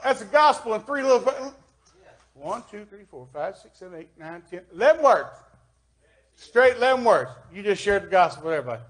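Folksy Southern preacher, high voice. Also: male voice, very animated, brisk. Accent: Kentucky Southern US. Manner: folksy, swings from loud emphasis to quiet asides. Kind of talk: sermon with scripture reading. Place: church.

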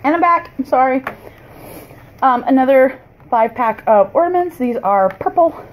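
This vlogger has a high voice with lively intonation, and there's slight background noise. She talks through a shopping haul at home amid clutter, chatty and rambling, apologizing often and pausing and restarting frequently.

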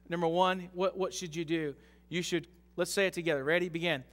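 A man preaching an interactive sermon in a church, joking with the congregation and rising to slow, loud emphasis. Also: high-pitched. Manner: jokes with the congregation, leads call-and-response reading. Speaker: pastor. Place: church sanctuary. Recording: long hall reverb.

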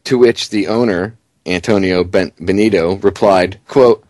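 Male radio host, excitable and indignant, lowish voice, dry close mic. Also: unhurried, dry recording. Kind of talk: talk radio commentary.

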